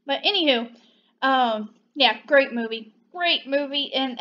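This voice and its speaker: Gushing high-voiced woman, lo-fi. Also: a bit bright. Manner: gushing, chatty, playful. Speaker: movie reviewer. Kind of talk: casual video review.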